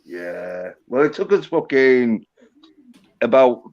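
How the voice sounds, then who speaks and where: Very animated but slow-paced, a man with a mid-range voice hosts a livestream. He rambles and needles his guest, cursing heavily and casually, all captured in dull lo-fi stream sound.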